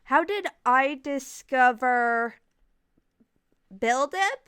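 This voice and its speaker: A woman livestreaming in casual chat, answering viewers' questions and gushing like an excitable fangirl. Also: sits high, drawn-out words, clear, resonant tone, no room sound.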